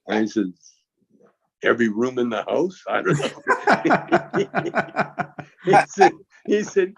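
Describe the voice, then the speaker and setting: A guest with a medium-pitched, expressive voice tells a long story slowly, pausing often. He chuckles as he goes and repeatedly stammers and restarts his sentences. It's recorded with a dull, lo-fi quality.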